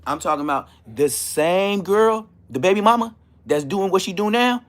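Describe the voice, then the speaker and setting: Animated Los man telling stories. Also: high-pitched, normal speed. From Inglewood, Los Angeles. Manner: animated, slang-heavy, bursts into loud exclamations. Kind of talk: casual storytelling rant.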